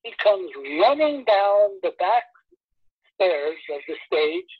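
Animated male storyteller, lo-fi sound. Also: high voice, takes it slowly, husky, dry recording. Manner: animated storyteller acting out quoted voices. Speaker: former record promotion man telling stories. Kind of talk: casual anecdote-telling. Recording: dull lo-fi dry recording.

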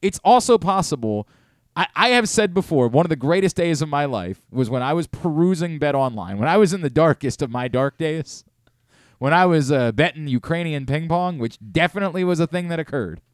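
A man's voice: fairly high pitch, expressive, a little fast, no room sound. A man hosting casual sports talk radio, rambling and self-deprecating, on a studio microphone.

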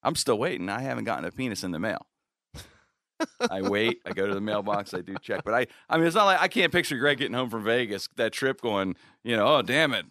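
A middle-aged man hosting a show and telling a long story in casual chat. He is animated, swears freely and acts out the people in his tales. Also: on the low side, fast, dry recording, clean studio sound. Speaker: show host.

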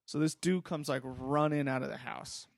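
Young man, gravelly voice, rambling casual storytelling, profane, dry close sound. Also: medium pitch, steady tone, normal speed, no room sound. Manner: laid-back, rambling, profane. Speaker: podcast host.

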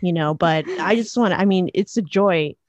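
A young woman with a slightly low voice rambles through an interview, with fillers and a playful, offhand manner. The recording sounds a little dull and very dry. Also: normal speed, a little mellow, no room sound. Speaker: DJ and music producer, guest. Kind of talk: casual interview chat.

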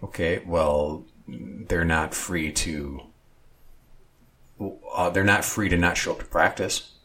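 A man's voice: low voice, takes it slowly, sharp tone. A man co-hosting a talk show, reading out news stories and breaking into sarcastic asides. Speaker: co-host. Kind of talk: news commentary and banter.

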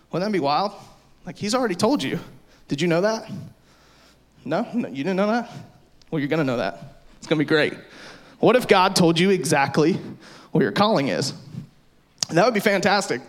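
A man with a slightly high voice gives a youth sermon. He talks casually and with lots of energy, full of "like", and slips into quick acted-out voices to make his point. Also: fairly bright tone. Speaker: youth pastor.

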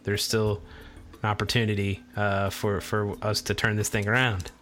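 A man's voice: on the low side, level tone, moderate pace, a bit bright. A man co-hosting a casual podcast chat, talking in a rambling way and repeating words as he searches for them. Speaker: podcast co-host.

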